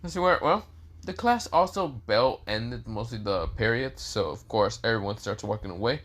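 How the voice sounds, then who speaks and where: A man's voice: mid-range voice, expressive, normal speed, a bit bright. A man narrating a fan story off the cuff, rambling with lots of fillers and self-corrections.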